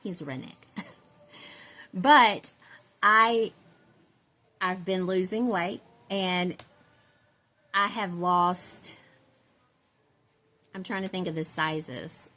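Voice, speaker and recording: A woman's voice: fairly low pitch, very slow, long pauses, sharp tone. A woman from Central Texas, chatting casually and rambling to her viewers, laughing often. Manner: rambling, chatty, laughs often, self-described country girl. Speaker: doll-collecting vlogger.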